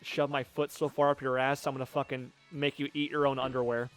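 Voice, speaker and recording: A man's voice: mid-range voice, little pitch movement, fairly quick, fairly bright tone, soft background music, close to an everyday voice, rough recording. Furious cartoon schoolgirl, voiced by a man, sweary and threatening.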